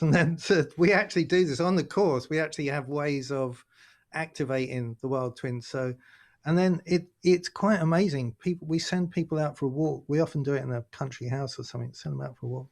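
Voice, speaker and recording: A man, a guest chatting on a video call, telling lively stories and acting out other people's voices. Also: fairly high pitch, brisk. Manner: animated storytelling, acts out voices of others. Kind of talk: casual interview chat.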